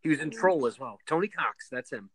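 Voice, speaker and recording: A man co-hosting a podcast in casual chat, halting and hesitant. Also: medium pitch, animated, crowd noise. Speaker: podcast co-host.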